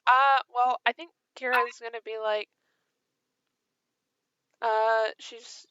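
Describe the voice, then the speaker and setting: A woman playing in a tabletop game, slowly working out her character's actions with many pauses and restarts. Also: mid-range voice, bright, forceful tone, clean tone, no room sound, muffled recording. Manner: hesitant, full of ums and restarts. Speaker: player.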